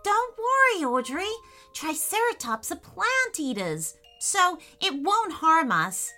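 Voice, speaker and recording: A woman voicing a curious, excitable young boy who loves dinosaurs in a children's story. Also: slow, soft background music, full character voice. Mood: eager. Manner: eager, high and excitable. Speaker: children's story narrator doing character voices.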